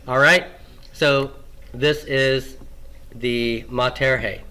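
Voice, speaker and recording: Slow, bright-voiced man teaching grammar. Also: mid-range voice. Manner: asks questions and answers them himself, repeats key forms. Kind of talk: classroom lecture.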